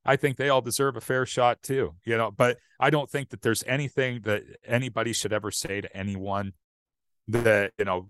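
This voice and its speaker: A man's voice: medium pitch, fairly even intonation, normal speed, a bit bright, clear, resonant tone, no echo. A man talking casually as a podcast guest, rambling with many fillers and restarts. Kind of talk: casual conversation.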